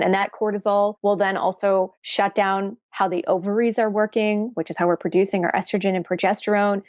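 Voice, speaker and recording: A woman's voice: medium pitch, steady tone, a little fast, few pauses, darkish tone, no room sound, dull audio. A woman nutritionist and coach, speaking as a podcast guest and explaining earnestly, often tagging "right?" onto what she says. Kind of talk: podcast interview conversation.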